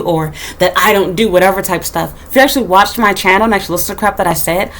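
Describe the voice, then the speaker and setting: A woman's voice: mid-range voice, fairly bright tone. Casting: woman vlogger, blunt and profane, ranting straight to camera. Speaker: YouTuber. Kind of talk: casual rant to camera. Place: home in Japan.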